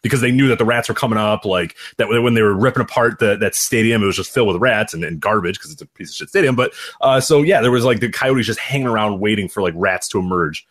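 A man's voice: lowish voice, fast, few pauses, a bit bright. A man with a Chicago accent co-hosting a podcast, rambling casually with lots of fillers and restarts. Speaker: podcast co-host. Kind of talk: casual chat.

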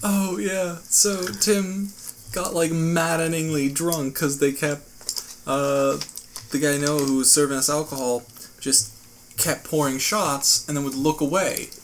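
A man's voice: a little high, unhurried, slight background noise. A man telling a story with lots of energy and swearing in a casual podcast chat at home with friends. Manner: animated storyteller, swears freely. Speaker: podcast co-host.

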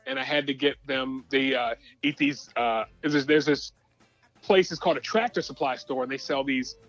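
A man telling a personal story on a sports podcast, animated but halting, with many uhs and restarts. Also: medium pitch, no echo, muffled recording, soft background music. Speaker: regular guest co-host. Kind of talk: casual storytelling.

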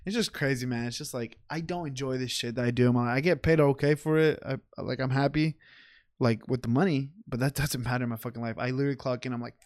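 A man's voice: mid-range voice, steady tone, fast talker, no echo, studio quality. A young man co-hosting a podcast, talking casually and profanely, laughing often and mimicking people. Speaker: podcast co-host. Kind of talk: casual chat.

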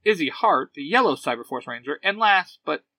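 Brief: courteous young heroine, man voicing, a bit raised, bright. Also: on the high side, lively intonation, brisk. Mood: polite. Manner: courteous, formal introductions. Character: polite young female ranger leader.

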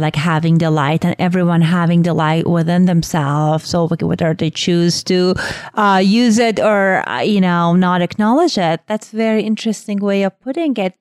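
A woman host with an even mid-range voice, feeling her way through long questions with pauses and fillers. The sound is close and dry, with no room around it. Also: medium pitch, clean tone, dry recording. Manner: searching, halting, with fillers. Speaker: podcast host. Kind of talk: interview questions.

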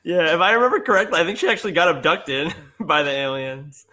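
A man's voice: fairly high pitch, animated, fast talker, pushed and bright. A man co-hosting a casual podcast about a film, laughing often and chiming in with short agreeing replies. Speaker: podcast co-host. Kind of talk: casual movie discussion.

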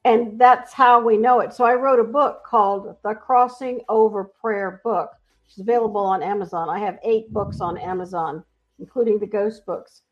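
A woman guest describing her work helping ghosts, speaking as a confident, animated storyteller. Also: medium pitch, normal speed. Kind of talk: earnest spiritual storytelling. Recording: dull lo-fi sound.

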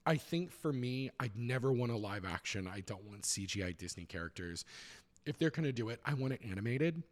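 Guy podcast host gushing over a cartoon, animated, lots of ums and likes. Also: medium pitch, brisk. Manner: animated, gushing, filler-heavy. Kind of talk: casual recap and review.

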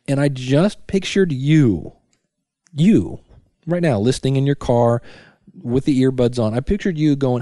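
Speaking at a measured pace in a medium-pitched, dark voice, this middle-aged podcast host chats alone from his basement, restarting often and making self-talk asides. The sound is dry and studio-grade from a studio microphone.

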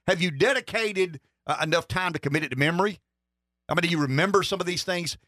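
A man's voice: high voice, fast, pushed and bright, no echo, clean studio sound. A middle-aged man hosting a political talk radio show, rambling and wry, with lots of restarts. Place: radio studio.

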